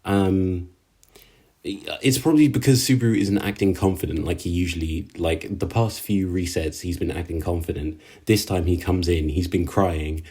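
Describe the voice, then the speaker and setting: Low, mellow-voiced man ranting. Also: steady tone, normal speed, slightly rough. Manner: exasperated, slangy, many fillers. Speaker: anime reviewer. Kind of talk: casual episode recap and rant.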